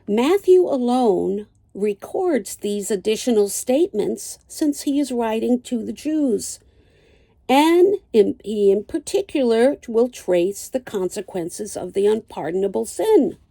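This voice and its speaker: An older woman teaching a Bible lesson, reading slowly and deliberately and citing chapter and verse. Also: fairly high pitch, expressive, vocal fry, warm tone, no echo.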